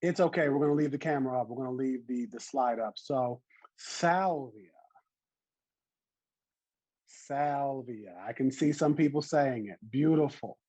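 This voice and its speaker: A man's voice: mid-range voice, fairly quick, hardly any pauses, warm tone, breathy edge, dry recording, poor audio. A man in his thirties with a Southern US accent, teaching an online botany class in a chatty, encouraging way over a video call. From American South.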